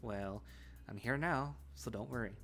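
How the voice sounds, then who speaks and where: A man voicing a big, brash male wolf who teases loudly in a story reading. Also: mid-range voice, a little slow, soft background music. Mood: affectionate. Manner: loud, laughing, playful.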